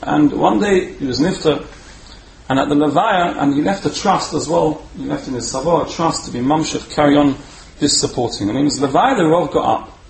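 A man giving a storytelling sermon as a Torah speaker, animated and repeating words for emphasis. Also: fairly high pitch, normal speed, creaky. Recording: roomy echo, faint background hum.

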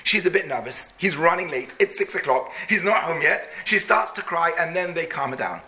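Bright, high-pitched man telling a Torah story. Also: expressive. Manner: dramatic, slows down for emphasis. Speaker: Torah teacher.

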